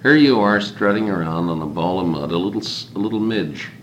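Deep-voiced man musing to a group. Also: expressive, fairly quick. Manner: reflective, rambling, repeats "consider" for emphasis. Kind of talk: informal talk to a small group. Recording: echoey room with faint hiss.

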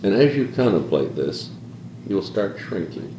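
A man's voice: fairly low pitch, big pitch swings, unhurried. A man leading an informal talk to a small group, reflective and rambling, stacking up repeated calls to "consider" as he goes. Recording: echoey room with faint hiss.

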